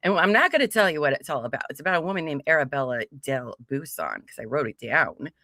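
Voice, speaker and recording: A woman's voice: sits low, sing-song, fast, sharp tone, no echo, clean studio sound. A woman co-hosting a casual livestream, greeting viewers by name with frequent giggles. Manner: bubbly, giggly, reads chat names aloud. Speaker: livestream co-host.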